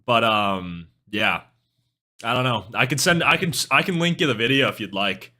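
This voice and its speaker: A young music streamer from western Canada chats casually with his viewers in a Canadian accent. His mid-range voice is animated, pushed and bright at normal speed, and he rambles, loses track, and swears in passing.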